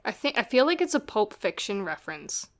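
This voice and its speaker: A young woman co-hosting a casual podcast chat, eager and quick to jump in, swearing casually. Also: medium pitch, big pitch swings. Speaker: podcast co-host.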